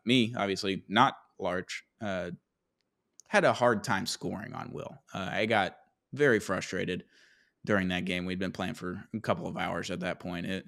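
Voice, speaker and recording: A young man hosts a casual sports podcast, upbeat and loaded with filler words as he rattles through quick sponsor reads. His voice is on the low side, gravelly yet a bit bright.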